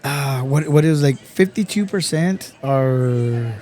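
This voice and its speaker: A man from Texas, a podcast guest, telling stories in a casual, animated way, swearing often and calling everyone bro. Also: medium pitch, slow pace. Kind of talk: casual chat.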